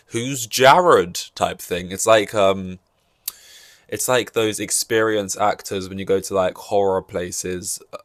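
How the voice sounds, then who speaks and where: A man's voice: deep voice, a bit bright, dry recording, studio quality. A man hosting a solo podcast, rambling and joking through casual chat with many fillers and restarts. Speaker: podcast host.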